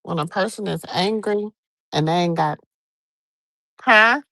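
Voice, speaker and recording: A woman's voice: on the low side, a little slow, dry recording. A middle-aged woman co-hosting a casual late-night chat, telling stories and acting out what people said. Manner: animated storyteller, acts out quotes.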